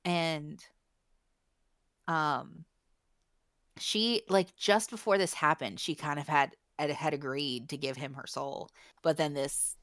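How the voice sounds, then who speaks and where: A woman's voice: deep voice, slow, pauses often, fairly bright tone, no echo, studio quality. A young woman co-hosting a casual book podcast, gushing and giggling as she reads favorite quotes aloud. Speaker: podcast co-host.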